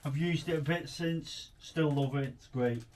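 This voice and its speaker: A man's voice: a little high, measured pace, a little mellow. Chatty man unboxing in his garage. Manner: chatty and rambling, thinks aloud. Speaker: tool reviewer. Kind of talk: casual chat while unboxing. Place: home garage workshop.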